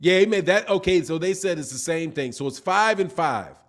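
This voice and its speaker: A man's voice: sits high, a little fast. A man hosting a boxing live stream, reading viewer chats and arguing his point with a string of rhetorical questions. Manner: animated, argumentative, asks repeated rhetorical questions. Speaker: boxing channel host.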